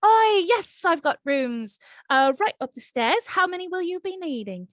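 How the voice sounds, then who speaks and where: A bright, lilting elemental barkeep with an attempted Irish accent, chatty and eager to please, as a woman game master puts her on. The voice sits well above a normal speaking pitch, bouncy and hospitable. The recording is close and dry. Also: sing-song, normal speed, dry recording, full character voice. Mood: welcoming. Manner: chirpy, welcoming, chatty innkeeper. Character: cheerful airy female elemental barkeep. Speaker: tavern keeper. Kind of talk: tabletop role-play.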